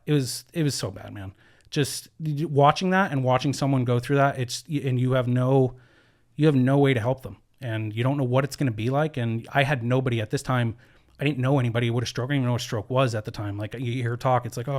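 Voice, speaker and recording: A man's voice: mid-range voice, fast talker. A man as a podcast guest in a studio, telling a personal story earnestly, with many fillers and restarts. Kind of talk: candid conversational storytelling.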